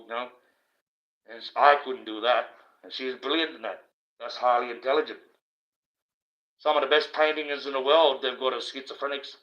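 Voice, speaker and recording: A man, hosting a livestream and ranting in a rambling, profane monologue. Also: medium pitch. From Australia. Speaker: livestream host. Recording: dull lo-fi stream audio.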